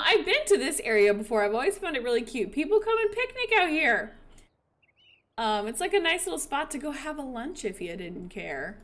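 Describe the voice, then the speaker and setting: A woman's voice: high-pitched, fairly bright tone. A woman giving casual let's-play commentary, chatty and playful, joking at her own expense while she talks to her viewers. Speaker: game streamer.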